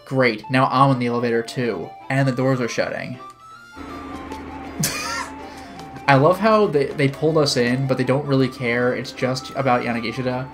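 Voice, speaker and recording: An animated streamer reads a visual novel aloud in the first person and breaks off often to joke with chat. The pitch swings widely, and faint game music plays in the background. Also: brisk. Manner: animated, laughs often, chats with viewers. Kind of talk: live-streamed visual novel reading with commentary.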